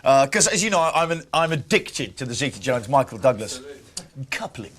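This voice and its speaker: A man's voice: mid-range voice, very animated, normal speed, a crowd in the background. A man presenting a breakfast TV show, mocking the gossip pages in a chatty, jokey way and laughing through his lines. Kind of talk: jokey review of the newspapers.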